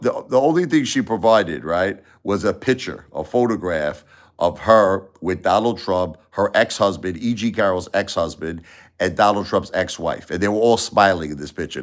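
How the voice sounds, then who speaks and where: A man hosting a casual opinion livestream, rambling and repeating himself in an animated way. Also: low-pitched. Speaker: livestream host.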